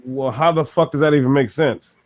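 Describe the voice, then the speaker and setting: A man's voice: mid-range voice, fairly quick. A man ranting bluntly and profanely in a casual podcast chat.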